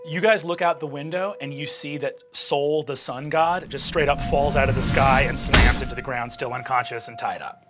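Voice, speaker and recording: A man narrating a tabletop game as game master in quick, animated bursts. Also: mid-range voice. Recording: music playing behind.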